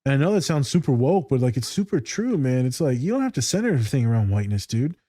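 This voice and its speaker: A man who co-hosts a podcast and works as a therapist talks in loose, animated chat, swearing and laughing as he goes. His voice has a warm, relaxed tone. The sound is dry and close, with no room echo. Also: mid-range voice, fast talker. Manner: animated storytelling, swears freely, laughs often. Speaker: podcast co-host. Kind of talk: casual profane chat.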